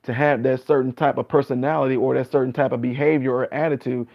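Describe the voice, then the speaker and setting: Talking earnestly to his live-stream viewers, a man in his late thirties keeps returning to the same point, mimicking other people's replies in a higher voice. His casual, mid-pitched voice is steady and quick, and the stream audio is a little muffled and lo-fi.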